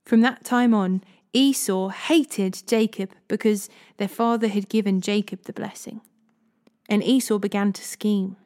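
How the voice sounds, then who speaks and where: A woman reading scripture aloud in a steady, expressive way. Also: medium pitch, unhurried. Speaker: Bible reader.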